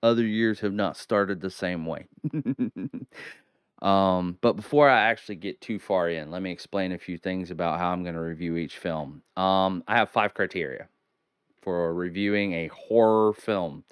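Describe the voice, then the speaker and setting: A man's voice: deep voice, fairly even intonation, normal speed, smooth, no echo, studio quality. A young man hosting a horror movie review from home, hamming it up as a spooky showman between rambling, casual asides. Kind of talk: theatrical solo video review. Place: home at night.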